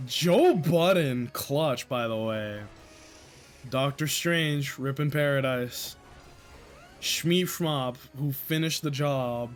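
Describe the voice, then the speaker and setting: A man streaming a game, joking with his chat, swearing and laughing often. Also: mid-range voice. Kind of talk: live gameplay commentary.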